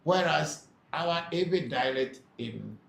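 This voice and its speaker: Here a man with a slightly high, expressive voice and vocal fry speaks slowly. As a spiritual teacher hosting a live Q&A, he reads viewers' comments aloud and explains patiently, hesitating a lot. The recording has an echoey room and faint background noise.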